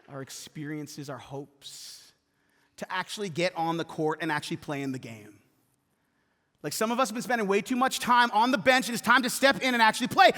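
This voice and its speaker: A man with a high, bright voice preaches in a large church sanctuary, and the sound rings with long reverb. He tells his story with animated energy and bursts into voices he acts out. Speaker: pastor. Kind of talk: sermon with storytelling.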